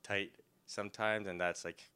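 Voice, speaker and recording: A man chatting casually and laughing often, retelling a story with loud acted-out yells. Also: fairly low pitch, fairly even intonation, normal speed, smooth. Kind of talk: casual chat.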